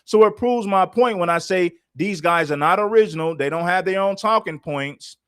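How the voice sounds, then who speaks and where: A man holds forth on his livestream, hammering the same point over and over. His voice sits high for a man, and the sound is dry and close. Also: moderate pace, a bit bright, clean tone, no room sound. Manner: confrontational, repetitive, challenging. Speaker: livestream host. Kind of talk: heated livestream commentary.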